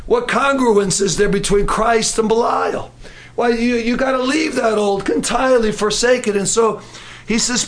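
A middle-aged man preaching a sermon in an animated way, acting out voices and breaking into shouts. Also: high voice.

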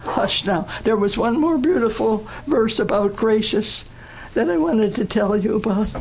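An older woman giving a personal testimony at a church gathering, telling her story in an earnest, deliberate way. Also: medium pitch, darkish tone, a little hiss or hum, poor audio.

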